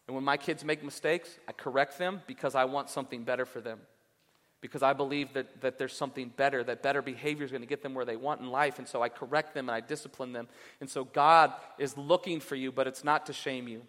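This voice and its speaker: A male pastor preaching a sermon in a lively, conversational way, with asides to the congregation. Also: a little high, long reverb tail.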